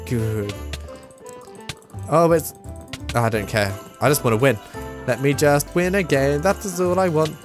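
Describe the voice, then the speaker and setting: A gamer giving excitable, self-mocking commentary on a let's play. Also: medium pitch, measured pace, pauses often, faint music behind. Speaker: gaming YouTuber.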